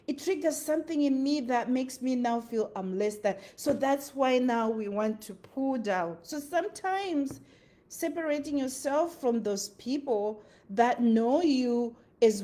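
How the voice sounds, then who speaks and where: Slow-talking Nigerian woman, mellow voice. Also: a little high. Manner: earnest, chatty, laughs often, repeats phrases for emphasis. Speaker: vlogger. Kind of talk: motivational casual talk.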